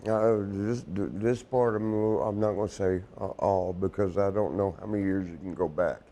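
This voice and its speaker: Low, mellow-voiced man telling a rambling, tearful story. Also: fairly even intonation, a little fast. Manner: rambling, profane, choked up. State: crying. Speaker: wrestling show guest. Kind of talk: emotional storytelling chat.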